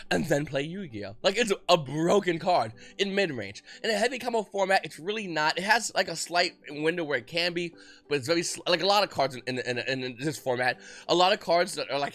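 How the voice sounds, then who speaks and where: A man giving excited, rapid market commentary as host of his channel, often restarting his sentences. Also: on the high side. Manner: talks fast when excited, frequent restarts. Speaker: trading card market commentator.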